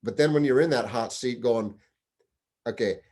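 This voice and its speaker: Speaking briskly in a medium-pitched, darkish voice, a middle-aged man who serves as deputy fire chief offers career advice. He tells it like a casual story and performs the quoted dialogue.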